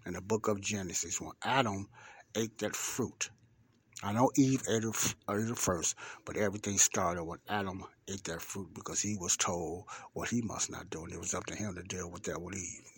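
Husky low-voiced man teaching scripture. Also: steady tone, no room sound. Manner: emphatic, repeats key words, asks rhetorical questions; reads scripture slowly and deliberately. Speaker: Bible teacher. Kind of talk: podcast Bible teaching.

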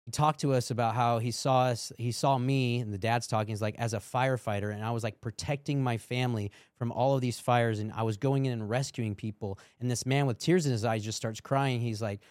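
A man's voice: mid-range voice, steady tone, a little fast, hardly any pauses, darkish tone, no echo, clean studio sound. A man who is a minister and a father, a guest on a podcast, telling stories earnestly with some fillers. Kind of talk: casual Christian podcast talk.

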